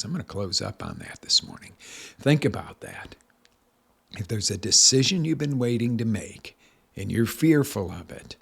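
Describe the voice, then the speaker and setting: A man's voice: lowish voice, vocal fry, slightly rough. A man coaching a listening audience, talking with energy and emphasis as he tells a story. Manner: energetic, emphatic, tells stories with acted quotes. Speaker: life coach. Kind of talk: motivational talk.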